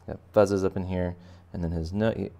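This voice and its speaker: A man with a deep, gravelly voice leads a relaxed drawing lesson for kids. He talks the viewer through each step and tosses in playful jokes as he draws. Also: normal speed. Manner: chatty, joking asides while sketching. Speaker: art teacher. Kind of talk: casual drawing tutorial for kids.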